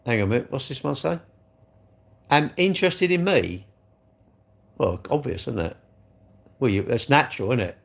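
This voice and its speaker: A man's voice: medium pitch, animated, quick pace, creaky. A man chatting casually on a livestream from his sofa at home, reading the chat and joking in a cheeky, rambling way.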